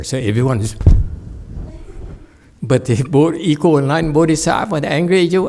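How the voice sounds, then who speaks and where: A man's voice: medium pitch, moderate pace, darkish tone. A man teaching meditation, answering a student's question in a playful, teasing way, acting out little voices and laughing. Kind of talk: teaching talk with Q&A.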